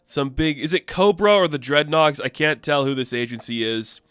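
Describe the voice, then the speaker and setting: A man's voice: on the high side, normal speed, fairly bright tone, clean tone, no echo, clean studio sound. A young man casually recapping a comic book issue, rambling with fillers and laughs.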